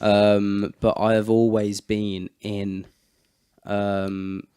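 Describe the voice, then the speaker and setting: A man's voice: on the low side, little pitch movement, drawn-out words, dark tone, clear, resonant tone, no echo, clean studio sound. A British man co-hosting a podcast in casual chat, rambling and hesitant, often laughing. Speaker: podcast co-host.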